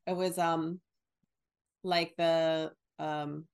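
A woman's voice: low-pitched, extremely slow, clean tone. A woman from New Jersey and New York, chatting casually as a podcast co-host in a rambling, laughing way. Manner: rambling, animated, laughs often. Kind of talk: casual chat.

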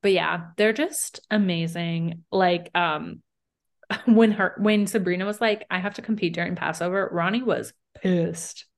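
A woman co-hosting a casual recap podcast, with a slightly low voice. She talks fast and loose, fills everything with "like", and keeps acting out quotes. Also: steady tone, gravelly. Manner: chatty, lots of "like", acts out quotes. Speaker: podcast co-host.

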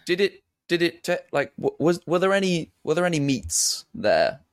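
Joking podcast co-host, dry sound. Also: male voice, fairly high pitch, sing-song, moderate pace, no echo. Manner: joking, stumbling restarts, puts on silly voices. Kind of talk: casual comedic chat.

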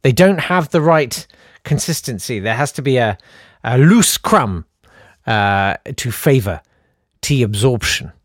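Animated man reading listener messages. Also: medium pitch, a little slow, no echo, clean studio sound. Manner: animated, self-deprecating, reads messages aloud with mock-dramatic voices. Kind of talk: casual chat.

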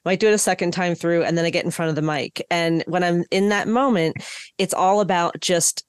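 A woman voice actor chatting casually on a podcast, animated and laughing often. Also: on the low side, fairly quick, smooth, no echo, studio quality. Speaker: voice actor on the show.

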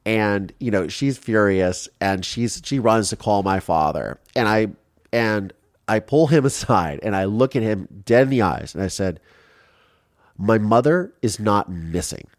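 A man in his forties from Ohio, telling his life story in an interview in an animated way, acting out quotes and restarting often. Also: lowish voice, measured pace, dry recording, studio quality. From Ohio, USA.

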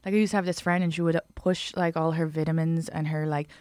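Irish comedian guest with a low, dry voice who acts out the people in her stories. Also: fast talker, no echo. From Ireland. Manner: animated storyteller who acts out other people's lines. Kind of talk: casual chat.

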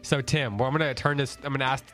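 A man hosting a podcast in casual chat, joking and pausing over his questions. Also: medium pitch, steady tone, fairly bright tone, faint music behind. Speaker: podcast host.

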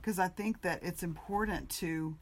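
Woman with a lowish voice, podcast co-host, casual storytelling, animated anecdotes. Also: normal speed.

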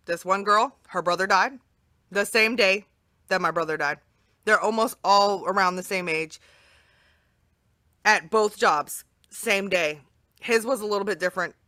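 A woman, a guest in an interview, telling an emotional personal story in an earnest, animated way, repeating phrases for emphasis. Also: medium pitch, dry recording.

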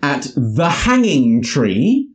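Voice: mid-range voice, sing-song, drawn-out words. A podcast host casually recapping a film scene by scene, swearing freely and acting out their own reactions.

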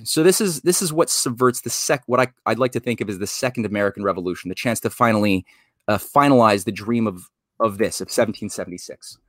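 A man from Canada talks as a guest in a casual interview. He explains earnestly, in long winding sentences. His voice sits at an ordinary middle pitch and sounds dry and close to the mic. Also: fairly bright tone, no echo.

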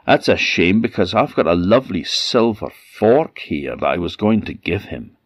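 A man's voice: low voice, very animated, normal speed, no echo. Man putting on a wheedling old troll woman. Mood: annoyed. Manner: wheedling, cackling. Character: cunning old female troll, head under arm. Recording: dull lo-fi dry recording.

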